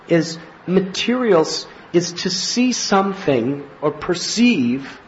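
A man giving a devotional spiritual talk as a teacher, telling anecdotes in an animated way and acting out scenes. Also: high voice, slight background noise. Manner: animated storyteller, acts out scenes with laughs and cries. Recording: slightly muffled lo-fi recording with faint ambience.

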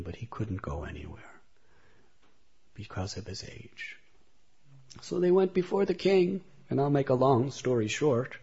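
A man's voice: lowish voice, darkish tone, breathy edge. A man telling a devotional story as a speaker in a religious talk, in a dull lo-fi recording.

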